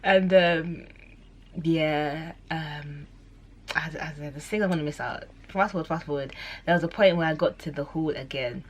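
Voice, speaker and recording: Low-voiced young woman rambling to camera. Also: moderate pace. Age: young adult. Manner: chatty, rambling, many "like"s and self-corrections; acts out quoted voices with sudden high squeals. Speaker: vlogger. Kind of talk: casual storytelling to camera.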